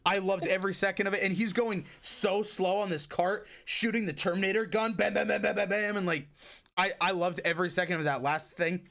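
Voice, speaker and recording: A man co-hosting a podcast, ranting excitedly about a movie in casual talk and swearing freely. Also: sits high, brisk. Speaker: podcast co-host.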